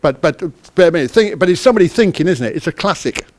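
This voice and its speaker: In an interactive conference talk, a man from the UK addresses the hall with a voice a little high for a man. He's expressive and fast, with a chatty, self-deprecating style, and keeps putting questions to the audience.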